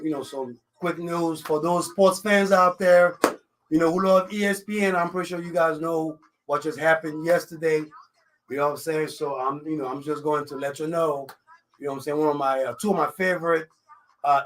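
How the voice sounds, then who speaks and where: On a studio microphone, a confident, joking radio host chats casually on a live talk show from the studio. He's an African man with a French accent whose voice sits on the high side, fairly bright and a little fast, with fairly even intonation. He rambles, packing nearly every line with fillers such as "you know what I'm saying."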